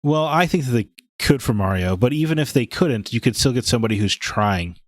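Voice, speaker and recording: A man's voice: mid-range voice, animated, brisk, no echo. A man co-hosting a podcast, talking casually and often restarting his sentences. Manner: conversational, with frequent restarts. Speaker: podcast co-host.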